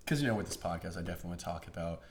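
A man's voice: low-pitched, very fast, a little hiss or hum. A young man co-hosting a podcast, chatting casually and acting out quotes in his stories. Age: young adult. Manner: animated storyteller, acts out quotes. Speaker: podcast co-host. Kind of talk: casual chat.

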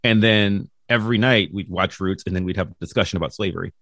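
A middle-aged man with a very low voice recounts his childhood at a loose, rambling pace, full of ums and easy laughter. The sound is dry and close, with no room around it. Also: fast, a bit bright, no room sound. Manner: rambling, laughs often, many ums and restarts. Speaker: guest. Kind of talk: casual storytelling.

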